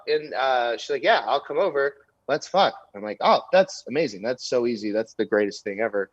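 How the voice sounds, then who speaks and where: A man's voice: medium pitch, fast talker, dry recording, highs cut off. A young adult man, a comedian, telling a crude story on a podcast with lots of fillers and asides. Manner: animated, crude anecdote telling with many fillers. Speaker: comedian guest.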